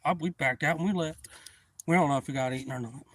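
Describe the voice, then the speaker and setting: A man hosting a livestream outdoors, telling a story to his chat in a loose, profane, animated way. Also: a little high, fast talker, no room sound. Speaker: livestream host. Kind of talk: casual storytelling to live chat.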